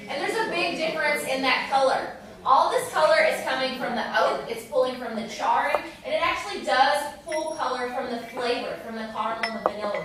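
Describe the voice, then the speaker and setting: Upbeat woman guiding a tasting group. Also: high-pitched. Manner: upbeat and instructive, quizzes the group. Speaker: distillery tour guide. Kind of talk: guided tasting presentation. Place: distillery tasting room with a tour group. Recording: echoey room, distant mic, group chatter.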